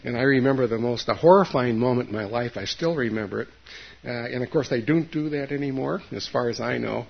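An older man, a Zen meditation teacher, giving a dharma talk to a group in a halting, folksy way, with many fillers, restarts and asides to his listeners. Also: medium pitch, creaky, husky. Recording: dull lo-fi recording.

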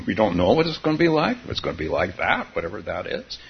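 A man giving a dharma talk as a meditation teacher, soft-spoken and halting, often laughing gently between phrases. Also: lowish voice, big pitch swings, vocal fry, husky. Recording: dull, slightly hissy recording.

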